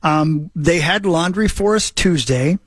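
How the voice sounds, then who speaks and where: A man's voice: on the high side, unhurried, no echo, clean studio sound. A man on a radio show, calling in from a road trip in a laid-back, joking way. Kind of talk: casual radio chat.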